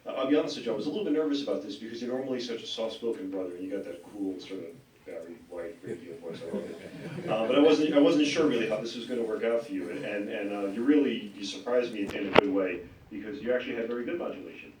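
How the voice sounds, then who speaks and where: Fast-talking man giving encouraging feedback. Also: lowish voice, a crowd in the background. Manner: encouraging, halting with fillers and restarts. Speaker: meeting instructor giving feedback. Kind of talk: spoken feedback on a reading. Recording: echoey hall, distant mic, faint hiss.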